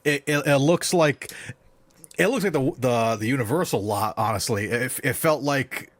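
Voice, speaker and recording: A man co-hosting a film podcast who speaks in halting, filler-heavy casual chat. His pitch moves up and down in lively fashion. The sound is dry and close to the mic. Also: no room sound. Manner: hesitant, many fillers. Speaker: podcast co-host.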